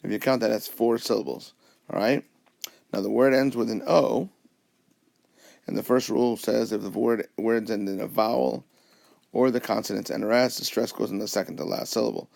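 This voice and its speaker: A man with a lowish, gravelly voice talks through a recorded whiteboard lesson. He explains patiently, step by step, and keeps checking in with his listeners. It sounds like a teacher at a tablet. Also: steady tone, moderate pace, a little mellow. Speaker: Spanish teacher.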